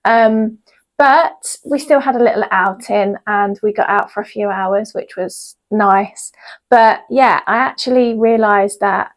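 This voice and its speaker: A woman's voice: medium pitch, unhurried, rough recording. Chatty woman vlogging at home. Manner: chatty, rambling, lots of fillers. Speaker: yoga teacher. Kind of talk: casual vlog chat. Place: at home in her yoga room.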